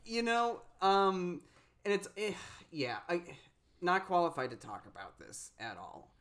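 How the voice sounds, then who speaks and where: A podcast co-host rambles through casual talk about a movie, starting and restarting sentences. The delivery is lively and animated. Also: medium pitch, a little slow. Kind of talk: casual film discussion.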